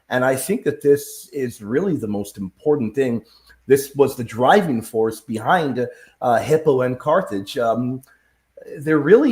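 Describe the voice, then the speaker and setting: A man hosting a casual talk, his voice sitting at an everyday middle pitch. He speaks in a thoughtful, questioning way and turns often to his guests for their views. The sound is roomy and echoey. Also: a little mellow. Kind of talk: casual discussion. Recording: echoey room.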